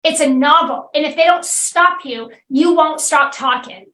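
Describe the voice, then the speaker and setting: High-voiced woman coaching with emphatic repetition. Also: a little slow, fairly bright tone, echoey room, low-quality recording. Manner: direct, emphatic, repeats phrases for stress. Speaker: podcast host and business coach. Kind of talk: solo podcast monologue.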